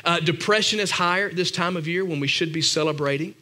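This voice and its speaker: A man's voice: on the high side, brisk, bright, forceful tone. A man giving a Christmas-season sermon as a pastor, chatty and anecdotal, with joking asides to the congregation in a church room.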